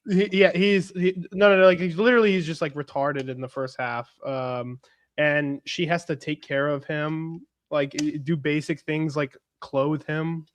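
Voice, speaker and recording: A man co-hosting a podcast in casual chat, halting and repeating words as he thinks. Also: fairly high pitch, steady tone, slight background noise. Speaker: podcast co-host.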